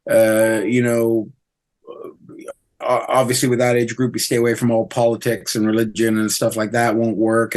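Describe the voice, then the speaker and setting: A man's voice: medium pitch, a little mellow. A middle-aged man from Canada, a comedian chatting in an interview, rambling with fillers and mocking himself. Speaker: comedian guest. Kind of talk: casual interview chat.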